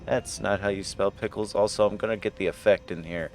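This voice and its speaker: A man's voice: fairly low pitch, steady tone, brisk, a little mellow, soft background music. A man streaming a game live, joking with his chat, swearing at misses and reading item text aloud. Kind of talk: live gameplay commentary.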